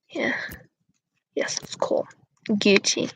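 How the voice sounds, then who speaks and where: A woman's voice: mid-range voice, a bit bright, husky, poor audio. A young woman hosting her channel, chatting casually with viewers in a rambling, giggly way full of fillers.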